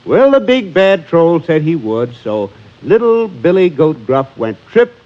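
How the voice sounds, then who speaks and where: Slow sing-song male storyteller. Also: on the high side, sing-song. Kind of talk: children's story narration. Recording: dull lo-fi recording with faint music.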